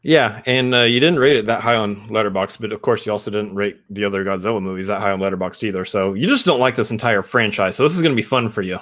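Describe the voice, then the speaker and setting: A man's voice: fairly low pitch, fast talker, hardly any pauses, a bit bright. A young man co-hosting a casual live movie stream, explaining steadily and teasing his co-host in a dry way.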